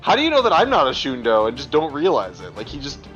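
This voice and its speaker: A man chats in a tabletop game, his pitch swinging widely as he rambles through fillers. His mic sounds dull and lo-fi. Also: huge pitch swings, quick pace, a bit bright, faint music behind. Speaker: player. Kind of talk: casual tabletop game chat.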